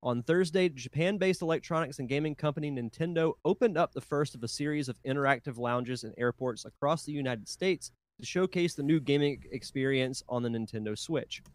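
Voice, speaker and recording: A man hosting a podcast, reading a news story aloud at a measured pace. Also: medium pitch, no echo. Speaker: podcast host. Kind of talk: casual chat and reading news.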